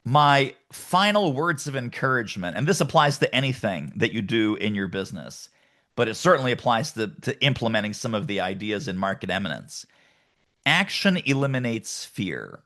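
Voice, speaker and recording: A middle-aged man, a guest author and sales coach, talking emphatically in an energetic podcast interview. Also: mid-range voice, moderate pace. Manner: emphatic, animated, acts out quoted voices.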